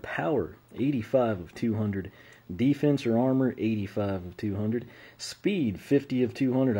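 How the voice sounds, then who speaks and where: A man with an American accent talks through a toy unboxing in a relaxed, rambling way. His voice sits low and husky, with a mellow, dark tone. He is losing his voice. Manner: relaxed and rambling, with frequent uh fillers. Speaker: toy reviewer. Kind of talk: casual unboxing commentary.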